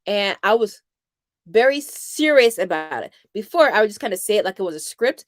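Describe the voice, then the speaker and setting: A middle-aged woman hosting a homeschool channel, chatting casually with viewers and telling animated stories with playful quoted voices. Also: medium pitch, normal speed, dry recording, clean studio sound. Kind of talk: casual livestream chat with viewers.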